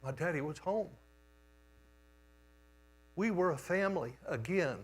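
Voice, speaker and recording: Slow, high-voiced older man preaching. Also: expressive, breathy edge. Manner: unhurried, homespun storytelling with pauses. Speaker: guest preacher. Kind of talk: storytelling sermon. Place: church sanctuary.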